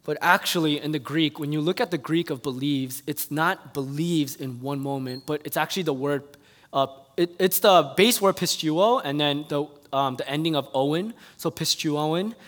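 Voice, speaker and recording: A man preaching a sermon, telling stories animatedly and moving between hushed and loud passages. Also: fairly high pitch, moderate pace, in a large hall. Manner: animated storytelling with quoted voices, swinging from hushed to loud.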